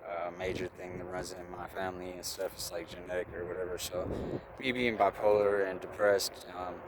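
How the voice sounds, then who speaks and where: A man telling a casual, rambling story for a vlog, swearing freely and filling pauses with "um" and "like", recorded outdoors beside a road. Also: low-pitched, level tone. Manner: rambling and profane, with many fillers. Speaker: vlogger. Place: outdoors by a roadside, traffic nearby. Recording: outdoor traffic noise.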